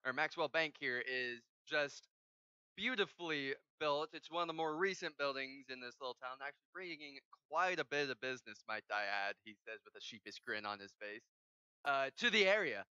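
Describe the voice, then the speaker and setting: Man, game master, relaxed narration, very bright, smooth voice. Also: medium pitch, fairly quick, no echo, muffled recording. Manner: relaxed narration with many fillers and restarts.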